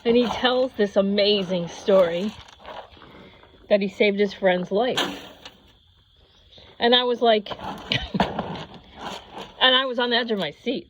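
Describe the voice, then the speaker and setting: A woman in her fifties tells a meandering personal story at an easy, everyday pitch. She slips into the voices of the people she quotes. The audio is a bit dull and lo-fi, with a faint hiss behind her. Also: slow pace, pauses often. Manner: rambling, animated, acts out quoted voices. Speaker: yoga channel host.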